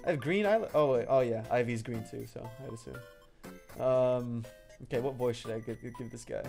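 A man's voice: medium pitch, moderate pace, vocal fry, faint music behind. A man hosting a casual gaming session, reading the story aloud and laughing often. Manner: animated, laughs often, swears. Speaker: host, game narrator.

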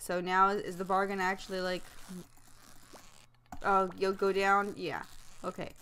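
A woman playing a farming game and commenting casually, excitable, squealing and yelling at what happens on screen. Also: mid-range voice, normal speed, a little hiss or hum. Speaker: let's play gamer.

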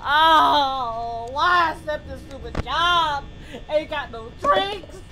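A brash, crude anime hero Goku, shrieking in a very high, strained cartoon voice. He panics and hurls insults through comedic gameplay commentary. Loud game music plays behind him. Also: takes it slowly, exaggerated voice, low-quality recording. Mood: scared.

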